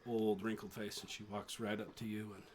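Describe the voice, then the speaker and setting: A man narrating as game master of a tabletop role-playing game, describing scenes in a halting way with fillers. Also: lowish voice, little pitch movement, a little mellow, a little hiss or hum.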